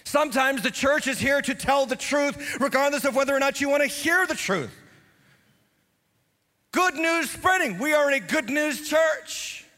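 A man preaching a sermon as pastor in a church, rising to loud emphatic peaks and dropping to quiet teaching. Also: extremely high pitch, animated, unhurried, long reverb tail. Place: church sanctuary.

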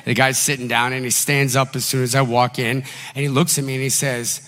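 A man preaching a sermon as pastor, telling a story in an animated, conversational way with acted quotes. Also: medium pitch, fairly quick, in a large hall.

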